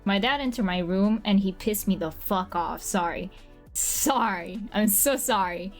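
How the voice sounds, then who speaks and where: A woman's voice: mid-range voice, measured pace, soft background music. A young adult woman livestreaming from her bedroom, talking in a rambling, slangy, giggly way with lots of restarts. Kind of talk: casual live-stream chat. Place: home bedroom.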